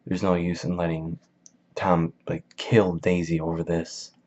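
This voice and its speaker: Give me a man doing a resigned, lovesick young man with a deep voice. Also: flat delivery, a little slow, a little mellow, lo-fi sound.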